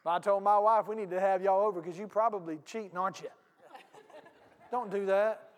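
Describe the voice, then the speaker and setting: High-voiced pastor preaching. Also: male voice, moderate pace, smooth, some chatter behind. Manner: animated, conversational, folksy with asides to the congregation. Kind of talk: storytelling sermon. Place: church sanctuary. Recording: long hall reverb.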